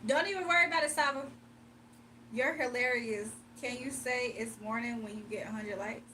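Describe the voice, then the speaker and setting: Young woman, livestream host, high voice, teasing and giggly, slightly off-mic. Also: normal speed, bright, forceful tone, recorded from a distance, a little hiss or hum. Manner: playful, teasing, laughs often, mimics commenters in a deep voice. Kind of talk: casual livestream chat, reading comments.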